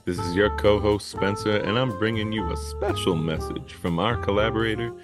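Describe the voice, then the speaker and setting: A man co-hosting a podcast, reading a sponsor message in an upbeat, deliberate way. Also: lowish voice, music in the background.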